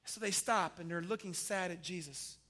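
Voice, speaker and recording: With a high male voice at a moderate pace, a pastor brings a scripture story to life in his sermon, alternating loud, emphatic lines with quiet, hushed ones.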